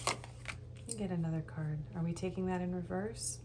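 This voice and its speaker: A nervous woman reading tarot cards in a loose, rambling way, full of ums and small restarts. Her voice sits on the lower side, with a faint hum behind her. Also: normal speed. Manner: rambling, hesitant, with many ums and soft laughs. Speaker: tarot reader. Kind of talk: casual tarot reading monologue.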